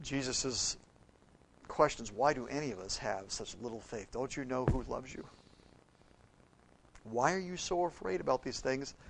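A man preaching a sermon, telling stories with acted-out quotes and swinging between loud outbursts and soft, quiet passages. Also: mid-range voice, a little slow, vocal fry, long pauses, slight background noise.

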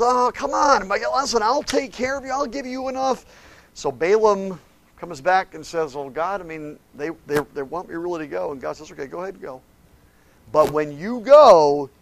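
High-voiced man preaching a lively Bible story. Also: no room sound. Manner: animated retelling with voices for characters. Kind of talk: sermon storytelling.

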